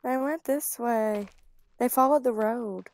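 A woman in casual gaming chat who gets excited and calls out everything she spots. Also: on the high side. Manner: excitable, quick to call things out.

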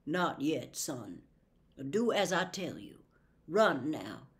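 A woman reading an audiobook, voicing a calm, steady grown man who speaks slowly and low. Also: full character voice. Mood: calm firm. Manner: slow, low and measured.

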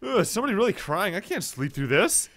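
A jumpy young man narrating a horror game playthrough, reading its lines and reacting loudly to every scare. His voice sits high and bright and swings widely in pitch. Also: fairly quick. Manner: jumpy, excitable, yelps at scares. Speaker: gameplay commentator. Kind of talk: let's play commentary, reading game dialogue aloud.

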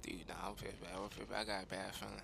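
A man's voice: on the low side, little pitch movement, very fast, gravelly, noisy background. A young man casually commenting on a game he is playing, rambling in slang and chatting to his viewers. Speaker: gaming streamer.

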